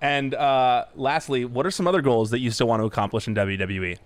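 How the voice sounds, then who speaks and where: A man hosting a podcast, asking questions in a relaxed, friendly way. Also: medium pitch, brisk. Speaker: podcast host. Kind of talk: casual interview questions.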